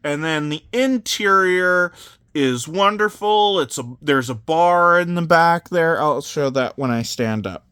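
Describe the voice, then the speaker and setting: Slow-talking man rambling through a toy review. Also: a little high, expressive, fairly bright tone, clean tone, dry recording. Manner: rambling, self-deprecating, drifts into joke accents. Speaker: Lego set reviewer.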